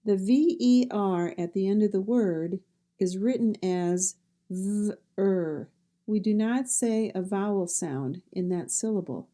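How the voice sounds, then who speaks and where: A woman teaching pronunciation, saying each word twice and stressing the sounds clearly. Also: medium pitch, slow pace, warm tone. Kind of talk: slow, deliberate pronunciation lesson.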